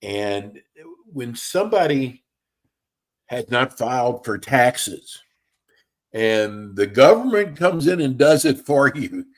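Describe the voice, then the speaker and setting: Over a choppy remote call, a male host of a live radio talk show chats folksily and sometimes loses track of what he was saying. His medium-pitched voice is expressive, and he takes his time.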